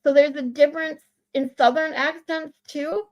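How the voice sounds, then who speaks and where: A woman's voice: fairly even intonation, moderate pace, darkish tone, lo-fi sound. Nasal Michigan woman, casual stream chat. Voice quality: high, nasal voice. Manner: chatty, laughing often, with many restarts. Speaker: livestream co-host.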